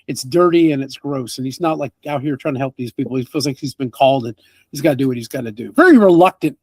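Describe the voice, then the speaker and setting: A man narrating as game master of a tabletop game, animated and laughing, with casual fillers. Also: mid-range voice, fast talker, no echo.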